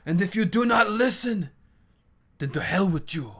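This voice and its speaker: A man's voice: high voice, animated, moderate pace, a bit bright, husky, pitched above the performer's own voice, heavily acted. A man doing a screaming movie impression of a barbarian hero praying to his god. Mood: shouting, pleading.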